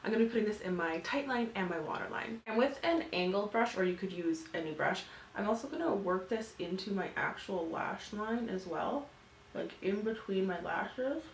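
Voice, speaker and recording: A woman's voice: mid-range voice, expressive, normal speed, reverberant, a little hiss or hum. A woman in her twenties, a beauty vlogger, chatting casually through a makeup tutorial with lots of fillers. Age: 20s. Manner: chatty, filler-heavy, upbeat.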